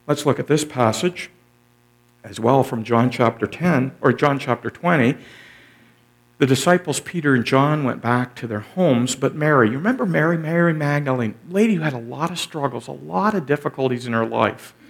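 A man preaching a sermon as a pastor, retelling scripture with enthusiasm. He repeats phrases for effect and lets his loudness surge and drop. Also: mid-range voice, normal speed, vocal fry.

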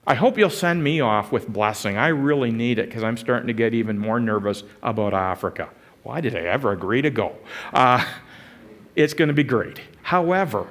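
A pastor preaching a sermon, telling a personal story in an earnest way and building to emphatic exhortation. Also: male voice, medium pitch. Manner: animated, rising to emphatic exhortation.

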